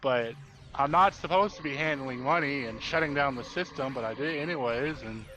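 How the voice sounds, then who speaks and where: A man's voice: mid-range voice, moderate pace, bright, forceful tone. A young man chatting on a live game stream, telling a story and acting out the exchanges he quotes. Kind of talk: casual chat while gaming.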